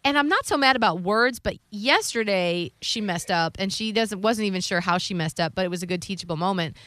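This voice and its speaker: A woman's voice: medium pitch, fairly quick, a bit bright, dry recording. A woman radio host in her thirties telling a parenting story in casual chat, using "like" a lot. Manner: chatty storytelling, lots of "like".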